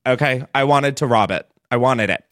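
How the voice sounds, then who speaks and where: A man's voice: medium pitch, normal speed, a bit bright, dry recording, clean studio sound. Chatty young man hosting a gossipy storytime. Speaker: podcast host. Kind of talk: casual storytime chat.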